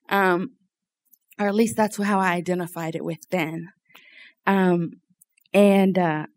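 A woman, sharing an earnest personal testimony with a church group, halting and full of fillers. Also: on the low side, dry recording. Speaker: church speaker giving testimony.

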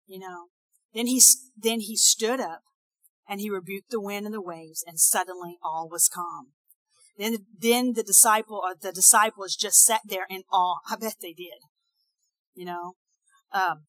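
Woman preacher, sermon, bright tone, dry recording, acts out quoted voices. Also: a little high, moderate pace, dry recording. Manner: swings between shouted declarations and soft conversational asides.

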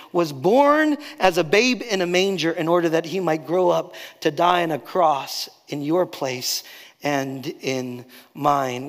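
A male pastor preaching a sermon, rising on key phrases and dropping soft and slow to drive points home. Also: a little high, in a large hall.

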